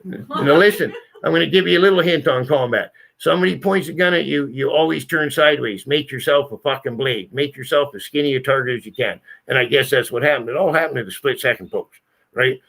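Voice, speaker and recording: A man's voice: medium pitch, a little fast, gravelly, fairly bright tone. A man telling a story to friends in a blunt, profane, emphatic way. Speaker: channel host telling a story. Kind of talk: casual storytelling.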